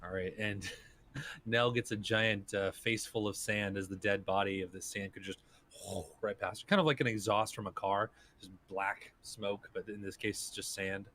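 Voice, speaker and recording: A man narrating a tabletop role-playing game as game master, in a relaxed, loose manner. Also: lowish voice, normal speed.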